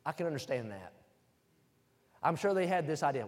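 A man preaching in a hall with a long, lingering echo, his voice pitched a little high. He jokes with the congregation and asks for amens, then pushes his points harder and louder. He grew up in West Virginia. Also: sing-song, normal speed, pauses often. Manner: joking, calls for amens, grows loud and emphatic. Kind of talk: humorous sermon. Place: church hall. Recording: reverberant hall.

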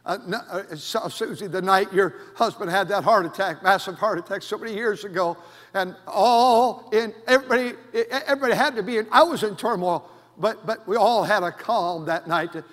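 A man preaching a sermon as pastor, swinging from loud declarations to hushed asides. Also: high-pitched, moderate pace, big-room sound. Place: church sanctuary.

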